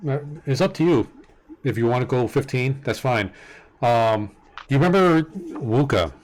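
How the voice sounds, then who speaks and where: A man running a tabletop game as its master, patiently explaining character rules with halting restarts over a home voice-chat mic. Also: mid-range voice, expressive. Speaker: dungeon master. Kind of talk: casual game-setup chat on a live stream.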